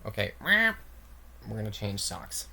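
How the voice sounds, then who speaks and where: Bright-voiced man ranting casually. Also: fairly low pitch, huge pitch swings, slow pace, gravelly, a little hiss or hum. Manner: sarcastic, swears, reads text aloud then mocks it.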